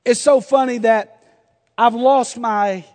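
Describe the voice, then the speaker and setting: A middle-aged man with a North Carolina Southern accent preaches with a high voice, telling funny stories and laughing often. His sermon rings out with a long reverb, as in a large hall. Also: fairly even intonation, slow, darkish tone. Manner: humorous storytelling with frequent laughter. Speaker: pastor.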